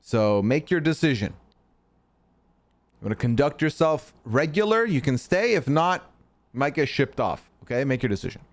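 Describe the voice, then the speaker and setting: A man's voice: mid-range voice, lively intonation, moderate pace. A young man from Canada, hosting a live stream in casual chat, answering his chat and teasing trolls with some swearing. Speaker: streamer host.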